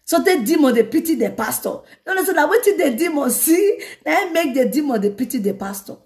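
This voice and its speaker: A woman evangelist, preaching in an animated way and breaking into laughter often. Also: high-pitched, a little fast. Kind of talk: sermon.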